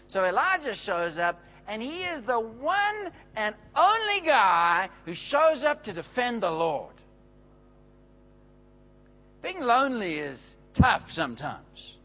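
A man's voice: sits high, low-quality recording. A man preaching a sermon, retelling a story with energy and acting out the characters' lines. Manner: animated, acts out the characters' lines.

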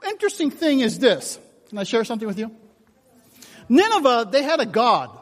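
A man preaching a sermon, telling personal stories with acted-out dialogue, moving from loud shouts to hushed whispers. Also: very high-pitched, brisk. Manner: animated storytelling, shifts from shouts to hushed whispers. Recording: long hall reverb.

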